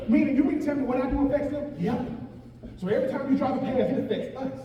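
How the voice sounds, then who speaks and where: A man in his forties gives an animated motivational talk to young athletes, joking and calling out to the crowd. His voice sits very high for a man. It rings through a big echoey hall, heard from well off the mic over clear room noise. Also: fast talker, lo-fi sound. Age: 40s. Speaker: guest speaker. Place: large event hall. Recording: echoey hall, voice picked up from far off.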